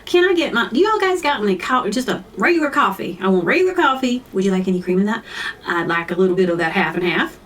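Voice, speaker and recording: A woman's voice: medium pitch, expressive, fast, fairly bright tone, far from the mic, close to an everyday voice. A woman acting out indecisive coffee-shop customers and a barista in a comedy sketch, ordering with lots of hesitant fillers. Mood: eager.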